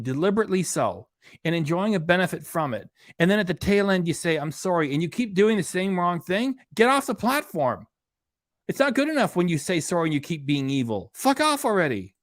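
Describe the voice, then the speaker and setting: A man's voice: fairly high pitch, no room sound, studio quality. A man hosting a reaction channel, scolding a streamer in an angry, profane rant. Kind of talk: angry commentary on a livestream.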